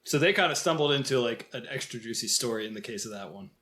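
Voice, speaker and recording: A man's voice: mid-range voice, quick pace. A man co-hosting a film podcast, chatting casually and explaining his takes with animation. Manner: animated, storytelling, acts out quotes. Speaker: podcast co-host.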